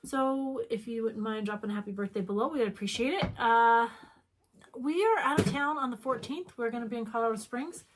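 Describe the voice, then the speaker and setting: A woman's voice: a little high, fairly quick, a little hiss or hum. A middle-aged woman from Wyoming co-hosting a casual stitching chat show, telling stories between bursts of giggles. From Wyoming, USA. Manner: giggly, animated storyteller. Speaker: co-host.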